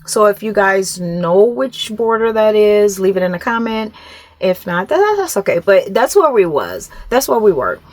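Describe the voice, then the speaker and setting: Animated woman vlogger telling a story. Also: medium pitch, normal speed, dry recording. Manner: animated retelling, acts out other voices. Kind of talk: casual storytelling to camera.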